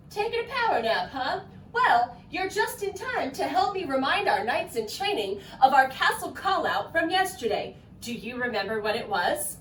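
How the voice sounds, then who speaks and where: A woman leading a scripted children's church lesson in an animated, coaxing way. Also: high-pitched, normal speed, few pauses, roomy sound, recorded from a distance, slight background noise. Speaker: children's program teacher.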